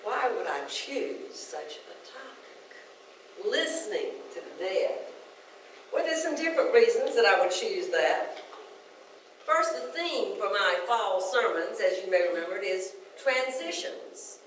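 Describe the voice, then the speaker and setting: A woman's voice: mid-range voice, sing-song, a little slow, slight background noise. A woman in her sixties giving a sermon, speaking in a conversational, reflective way with hesitant restarts. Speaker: minister. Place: church sanctuary. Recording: very echoey room, mic at a distance.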